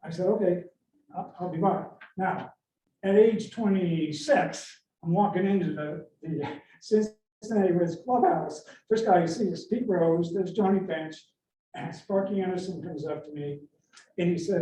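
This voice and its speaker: A man's voice: high voice, unhurried, a little hiss or hum. Echoey man telling stories. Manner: animated anecdotal storyteller, acts out quotes. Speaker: inventor giving a talk. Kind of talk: storytelling talk with advice. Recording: very echoey room heard from a distance.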